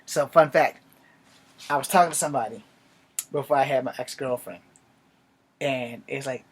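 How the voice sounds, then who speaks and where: A young man telling a funny personal story in casual, swearing storytime style, jumping from low mutters and whispers to loud outbursts. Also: moderate pace, pauses often, husky. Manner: sometimes drops to a whisper. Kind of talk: casual profane storytime monologue.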